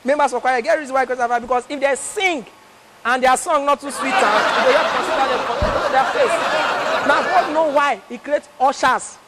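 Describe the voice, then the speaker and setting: A man's voice: very high voice, moderate pace. A young man with a Nigerian Pidgin accent doing chatty, teasing live stand-up comedy, telling stories. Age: young adult. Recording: loud live crowd and noisy venue.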